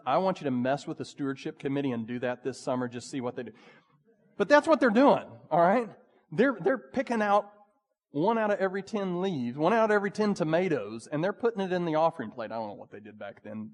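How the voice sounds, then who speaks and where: A male pastor preaching a sermon, swinging between urgent pleading and hushed, quiet passages. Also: on the high side. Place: church sanctuary. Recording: long hall reverb.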